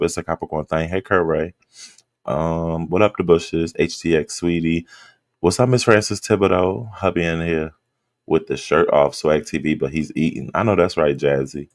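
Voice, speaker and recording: A very deep-voiced man hosts a relaxed late-night livestream, chatting casually and greeting chat members by name. His voice is a low, just-woke-up drawl, in studio-quality audio with no room sound.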